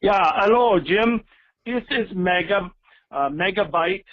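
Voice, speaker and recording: A man putting on a halting caller with a fake Nordic accent over a phone line. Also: high-pitched, dry recording, pitched above the performer's own voice. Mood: earnest. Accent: mock Scandinavian-Minnesota. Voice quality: halting, full of "uh"s. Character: bumbling male caller with a wandering fake accent. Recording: tinny phone-line audio.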